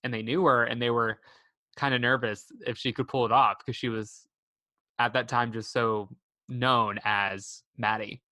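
Host for casual movie chat, enthusiastic and giggly, middle pitch, dry close sound. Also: steady tone, measured pace, bright, forceful tone, no echo. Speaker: podcast host.

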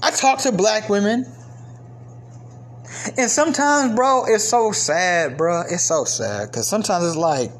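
A man delivering a heated, profane commentary rant, swinging between raised outbursts and low, exasperated muttering. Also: expressive, a little slow, a little hiss or hum. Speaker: commentary vlogger. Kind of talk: ranting commentary monologue.

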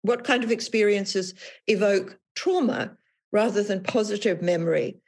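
Woman author guesting on a podcast, reflective, measured, kinda restarts her sentences a lot. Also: medium pitch, darkish tone, slightly rough. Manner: thoughtful, measured, with frequent restarts.

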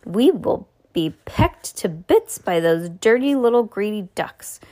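A woman's voice: medium pitch, sing-song, takes it slowly, dark tone. A woman reading aloud and voicing a fussy, fretful mother in a children's story.

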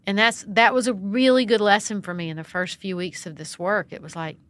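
A woman's voice: mid-range voice, fairly quick, hardly any pauses. A middle-aged woman, a founder and priest, telling stories in a conversational interview and acting out what people said. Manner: animated, expressive storyteller who acts out quotes. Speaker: guest, nonprofit founder and priest.

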